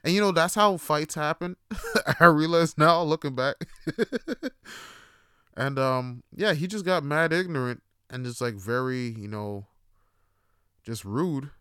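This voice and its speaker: A man's voice: on the high side, moderate pace, a bit bright, clean tone, no room sound, studio quality. Profane, rambling man telling a story. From Toronto. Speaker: podcast host. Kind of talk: casual monologue.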